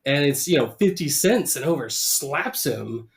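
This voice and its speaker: A man's voice: on the high side, lively intonation, a little slow, vocal fry. Man co-hosting a podcast, casual and enthusiastic as he recaps scenes. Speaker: podcast co-host. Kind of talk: casual chat.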